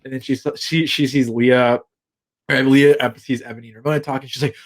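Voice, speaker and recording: A young man co-hosts a casual podcast about reality TV, gossipy and animated as he acts out what the cast said. He swears freely and keeps a middle-pitched, everyday voice. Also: fairly quick. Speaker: podcast co-host. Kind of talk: casual chat recapping reality TV.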